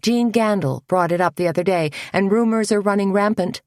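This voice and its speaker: A woman's voice: medium pitch, fairly quick, a little mellow, no echo, pitched above the performer's own voice, lightly acted. A woman voicing a wry, nervous small-town woman in a storybook reading, with a dry delivery.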